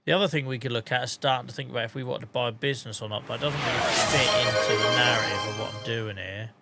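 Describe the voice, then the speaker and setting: Over background music, a man with a creaky, medium-pitched voice talks quickly. He's a tired game streamer with a headache, casually talking to live-stream viewers as he plays, reasoning aloud and throwing in the occasional swear.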